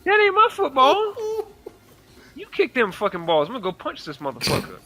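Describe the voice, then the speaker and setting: A man's voice: very high-pitched, huge pitch swings, brisk, pitched above the performer's own voice, full character voice. A man voicing a brash, swearing male football player in a tabletop game. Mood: outraged.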